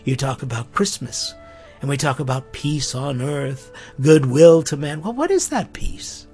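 A man's voice: mid-range voice, expressive, measured pace, dark tone, husky, soft background music. A man hosting a podcast, reflecting earnestly on faith and spirituality in a musing way, often restarting his sentences. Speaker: podcast host.

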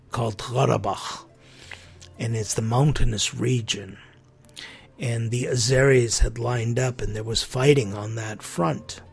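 A man's voice: medium pitch, gravelly, husky. A man hosting a religious talk show, telling a story in an earnest, reflective way that sometimes drops almost to a whisper. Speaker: host.

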